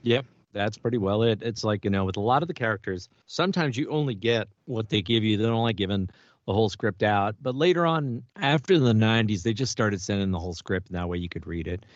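A man's voice: lowish voice, no room sound. A middle-aged man, a voice actor, chatting casually and animatedly in an interview. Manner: animated, chatty, quick to laugh. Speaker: voice actor guest. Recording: dull, muffled audio.

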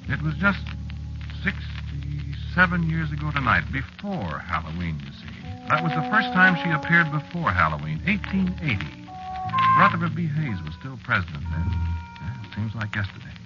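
A man's voice: medium pitch, very animated, normal speed, natural voice. An actor narrating as an ageless man married to a witch in a 1940s radio drama, musing and wistful, nervously evasive with his wife, on a dull lo-fi old radio recording with music behind.

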